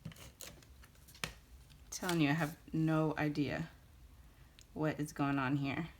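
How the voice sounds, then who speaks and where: A young woman with a low, deep-set voice talks casually through a card-making tutorial, gushing over the colors and patterns as she goes. She thinks aloud while she works at a desk mic on her craft table. A faint hiss sits under the recording. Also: steady tone, slow, darkish tone.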